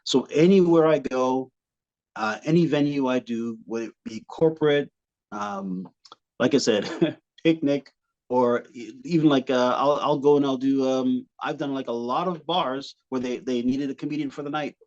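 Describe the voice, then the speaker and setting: A man's voice: medium pitch, moderate pace, muffled recording. A man from Montreal, a comedian, chatting as a podcast guest and telling stage stories. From Montreal, Canada. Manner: animated storyteller, slips into funny voices and accents. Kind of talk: casual podcast chat with impressions.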